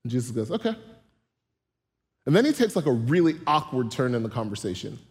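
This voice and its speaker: A man preaching a sermon, emphatic, slowing down to stress lists. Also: medium pitch, very animated, in a large hall. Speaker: pastor.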